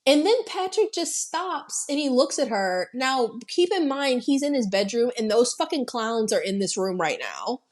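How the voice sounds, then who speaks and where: A woman co-hosting a podcast, recapping a horror film in animated casual chat and swearing freely. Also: fairly high pitch, moderate pace, hardly any pauses. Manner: animated storytelling, heavy swearing, acting out quotes. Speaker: podcast co-host.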